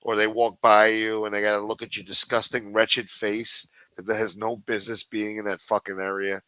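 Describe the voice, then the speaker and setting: A man's voice: fairly low pitch, level tone, moderate pace, sharp tone, no echo, rough recording. A man hosting a livestream, ranting with constant profanity in a sneering, contemptuous way. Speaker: livestream host.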